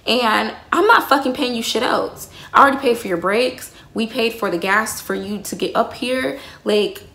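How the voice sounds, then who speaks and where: A woman's voice: on the high side, moderate pace, vocal fry, a bit bright. A young woman telling a heated, profanity-laced story to her viewers, calling them y'all. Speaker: vlogger. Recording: roomy echo.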